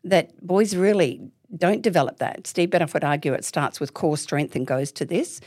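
A low-pitched middle-aged woman talks candidly and with emphasis. Her voice sits close and dry. She often slips into little acted voices to make her point. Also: moderate pace, darkish tone, no echo. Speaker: parenting expert guest. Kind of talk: casual interview chat.

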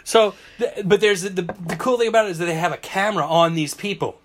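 A man's voice: sits high, quick pace. A man hosting a casual podcast, telling stories with lots of energy and acting out people's reactions, recorded on a phone. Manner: animated storyteller, acts out reactions and screams. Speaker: podcast host. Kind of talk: casual chat.

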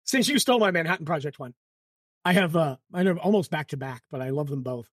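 A woman's voice: sits low, expressive, fast talker, slightly rough, no room sound, clean studio sound. A woman co-hosting a book podcast in casual chat, full of "like" and restarts. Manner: chatty, lots of "like" and restarts. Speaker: podcast co-host.

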